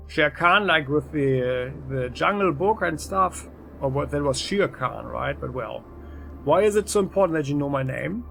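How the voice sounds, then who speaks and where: A man's voice: on the high side, animated, moderate pace, vocal fry, fairly bright tone. A man hosting a let's play, giving casual gameplay commentary with jokey, rambling asides. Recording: faint game music behind.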